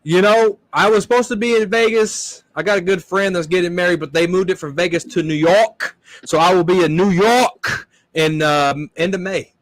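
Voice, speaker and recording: A man's voice: high voice, moderate pace, no room sound. A man cohosting a casual livestream, cursing freely and wisecracking as he tells stories. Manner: profane, storytelling, wisecracking. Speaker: podcast host.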